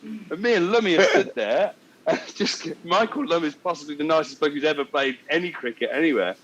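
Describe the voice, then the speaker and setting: A man telling cricket stories on a podcast, animated and lapsing into voices for the people he quotes. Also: a little high, a little fast, lo-fi sound, background noise. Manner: animated, slips into voices for anecdotes. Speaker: co-host. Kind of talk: casual podcast storytelling.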